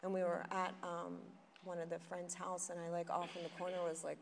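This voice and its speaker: A woman giving a candid, animated personal testimony at a recovery meeting, acting out the voices in her story. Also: on the low side, brisk, few pauses. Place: meeting hall with audience. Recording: faint noise, long hall reverb.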